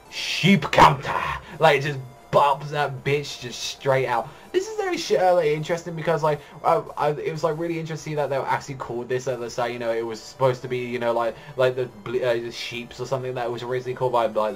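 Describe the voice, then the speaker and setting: A young man at an ordinary middle pitch, talking through a manga chapter in loose, unscripted chat. He rambles, leans on filler words in nearly every phrase, and swears freely. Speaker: manga reviewer. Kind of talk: casual chat review.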